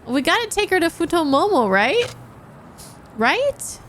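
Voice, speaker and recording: A woman's voice: high voice, expressive, normal speed, pushed and bright, slight background noise. A woman streamer making playful, joking asides to her chat during live gameplay.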